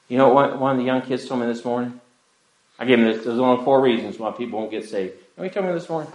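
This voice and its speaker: A man's voice: medium pitch, fast talker. Earnest man preaching in echoey church. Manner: earnest, pleading preaching with wide swings in loudness. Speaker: pastor. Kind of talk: sermon.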